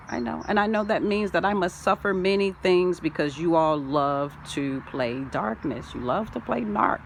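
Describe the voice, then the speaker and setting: A woman with a lowish voice talks slowly through a free-flowing spiritual monologue. She plays with words and rhymes, swinging between loud proclamations and murmured asides. Faint crickets and insects chirp behind her outdoors. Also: noisy background. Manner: wordplay, sing-song, drifts between loud declarations and soft asides. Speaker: spiritual self-help vlogger. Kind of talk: rambling spoken-word monologue.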